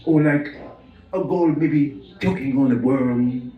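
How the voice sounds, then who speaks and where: A man doing an impression of an older male president, talking slowly and rambling, recorded from a distance in a roomy club. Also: medium pitch, narrow, tinny audio, soft background music, close to an everyday voice. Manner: slow, drawn-out, rambling.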